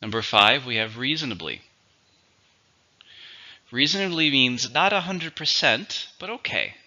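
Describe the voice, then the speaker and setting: A man teaching an English vocabulary lesson, pronouncing words slowly and carefully for learners. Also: medium pitch, vocal fry, sharp tone. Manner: slow, careful pronunciation drills. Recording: dull lo-fi recording.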